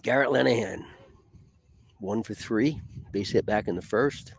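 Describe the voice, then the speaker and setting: A man's voice: on the low side, a little slow, creaky, slightly rough, no room sound. A man calling a baseball game outdoors on a cold day, laughing easily and stating counts plainly. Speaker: baseball color commentator, former catcher. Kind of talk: casual sports commentary. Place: outdoors at a cold windy ballpark.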